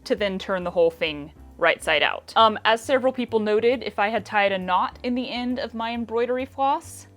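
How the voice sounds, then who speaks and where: A woman's voice: fairly high pitch, moderate pace, hardly any pauses, fairly bright tone, faint music behind. A young woman with a regional American accent hosting a casual sewing vlog, chatty and self-deprecating as she thinks aloud while she works. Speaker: sewing video host.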